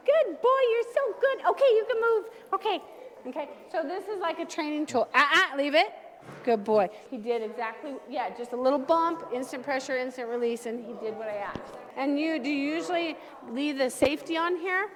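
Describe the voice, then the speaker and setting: A woman dog trainer leading a hands-on class, giving brisk, direct commands to owners and their dogs. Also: high-pitched. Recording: long reverb from a large room.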